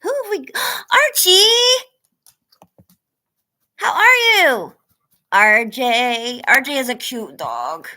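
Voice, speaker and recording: A bubbly woman chats live with her viewers. She squeals hellos and coos at her dogs, and her voice is high-set, bright and swoops all over. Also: big pitch swings, takes it slowly, pauses often. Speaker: livestream host. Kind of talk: casual livestream chat greeting viewers.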